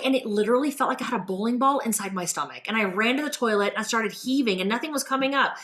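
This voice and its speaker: A woman hosting a show, telling a personal story in a casual, animated, rambling way with many fillers. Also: fairly high pitch, quick pace, hardly any pauses. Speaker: host. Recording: roomy echo.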